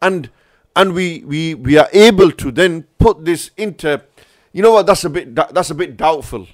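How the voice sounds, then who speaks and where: Higher-voiced man asking pointed questions. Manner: quizzing, quick interjections. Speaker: guest scholar. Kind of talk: casual religious discussion.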